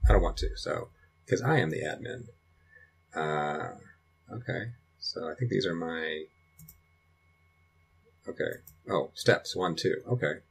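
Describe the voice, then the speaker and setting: At home in Colorado, a middle-aged dad records a casual screen-recording tutorial on his computer setup, thinking aloud and rambling with restarts. His deep voice is gravelly and husky, slow, with frequent pauses.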